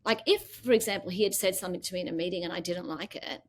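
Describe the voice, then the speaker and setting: A woman's voice: lowish voice, very fast, a little hiss or hum. A middle-aged Australian woman, a business founder, chatting as an interview guest and acting out quoted dialogue as she tells stories. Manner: animated storyteller, acts out quoted dialogue. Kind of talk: casual interview chat.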